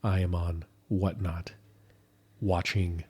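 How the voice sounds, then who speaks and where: Man, podcast co-host, casual chat, joking, repeats himself, lowish voice. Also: slow, husky. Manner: repetitive, joking, relaxed.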